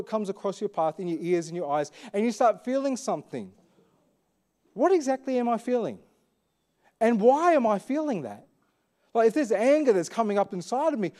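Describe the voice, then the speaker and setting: Male pastor, high mellow voice, chatty questioning sermon delivery. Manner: conversational, questioning, frequent fillers.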